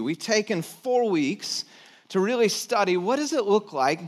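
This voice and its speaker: High-voiced male pastor preaching softly. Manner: conversational, pausing often, drops low and soft at phrase ends. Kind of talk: sermon. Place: church sanctuary.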